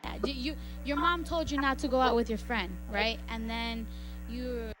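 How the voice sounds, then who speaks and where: A woman's voice: fairly high pitch, steady tone, normal speed, over music, rough recording. A woman preaching a sermon in a conversational way, often asking her listeners questions. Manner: conversational, asks the audience questions.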